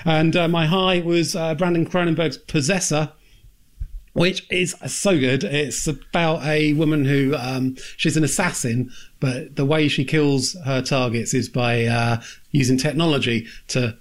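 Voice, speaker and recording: Man, slightly high, swearing and chatty. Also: fairly even intonation, a little slow. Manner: swears freely, laughs, acts out scenes. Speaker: podcast host. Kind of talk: casual chat.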